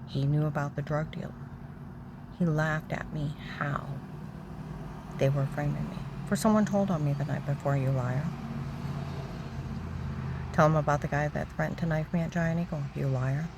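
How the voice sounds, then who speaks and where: A woman telling a long, rambling, agitated story about her own grievances, repeating herself and acting out other people's shouting. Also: low voice, fairly even intonation, normal speed, pauses often, background noise. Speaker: storyteller recounting personal grievances. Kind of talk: rambling personal monologue.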